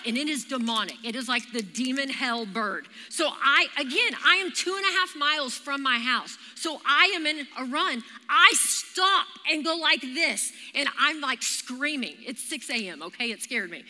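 Woman in her thirties, lively storytelling preacher, piercing high tone, echoing church hall. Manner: animated, storytelling with vivid exclamations. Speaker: church speaker. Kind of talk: sermon. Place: church hall during a live service. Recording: reverberant live church hall.

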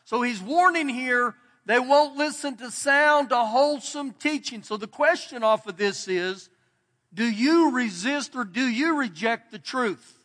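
A man's voice: very high-pitched, lively intonation, a little slow, bright, forceful tone. A man pastor giving a sermon in a church, preaching in an emphatic, folksy way. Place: church sanctuary. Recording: long church hall reverb.

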